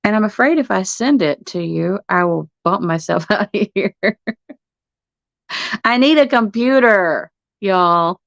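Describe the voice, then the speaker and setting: A woman's voice: medium pitch, animated, measured pace, vocal fry, no room sound. A middle-aged woman, hosting a casual livestream from her phone at home, laughing often and swearing casually. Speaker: livestream host. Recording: muffled phone stream audio.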